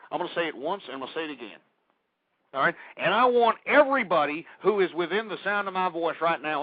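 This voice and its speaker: A very high-voiced man rants as a radio talk host, indignant and prone to bursts of shouting and swearing. His voice comes through thin and phone-like. The sound is dry and close, with no room around it. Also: no echo. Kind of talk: ranting talk radio monologue.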